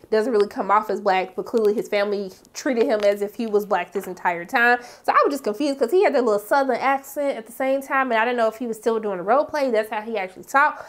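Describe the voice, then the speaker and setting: Animated young woman recapping a show. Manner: animated, jumping between high exclamations and low asides. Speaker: recap host. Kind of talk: casual TV recap vlog.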